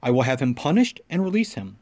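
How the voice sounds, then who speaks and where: A man's voice: mid-range voice, big pitch swings, quick pace, darkish tone. A man reading the lines of a male Roman governor who keeps pleading and questioning. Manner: questioning, insistent.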